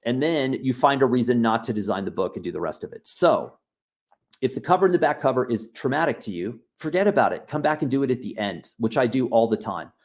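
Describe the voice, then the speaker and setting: A man at mid pitch teaches a software workshop over a video call. His delivery is loose and chatty, encouraging the viewers as he narrates what he clicks. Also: animated, fast talker. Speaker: workshop instructor. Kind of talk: live online software tutorial.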